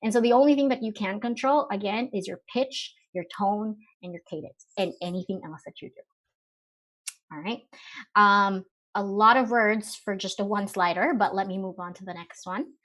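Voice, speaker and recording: A woman's voice: medium pitch, moderate pace, a bit bright. A woman speaking on a live webinar, talking in a conversational way with many fillers and rhetorical questions. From Philippines.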